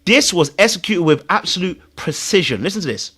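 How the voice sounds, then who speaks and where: A man hosting a reality-show reaction video, talking excitedly, laughing and breaking into imitations as he comments. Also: high voice, brisk, breathy edge. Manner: excitable, laughs, mimics voices mid-sentence.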